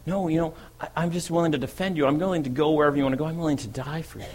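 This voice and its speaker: A man performs a dramatic monologue in the first person as the apostle Peter, an impetuous, eager disciple, telling his tale lively and speeding up and swelling when excited. The mid-range voice is natural and a little fast, with a bit of hiss or hum.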